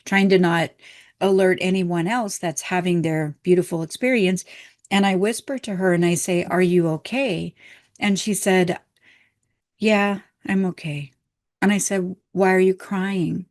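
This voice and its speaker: A middle-aged woman telling a story from her work as a hypnotherapist and spiritual teacher, with soft laughs between her words. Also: on the low side. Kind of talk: storytelling lesson.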